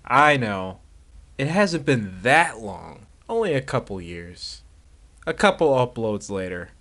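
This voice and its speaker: A man narrating a boxing video in a relaxed, conversational voice-over. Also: medium pitch, slow pace. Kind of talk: casual voice-over commentary.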